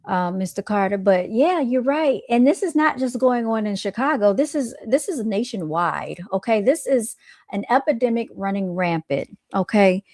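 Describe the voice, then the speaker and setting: A woman's voice: a little high, expressive, normal speed, a little mellow, dry recording, studio quality. A woman streaming a reaction to clips, chatting casually with her viewers and laughing often.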